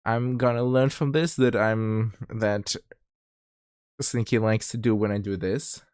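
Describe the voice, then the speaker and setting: His voice is smooth and on the low side, a little slow, with a German accent and a slight lisp. He's a streamer chatting casually, animated and giggly, peppering his talk with "like." The streaming-mic recording is dry with clean studio sound.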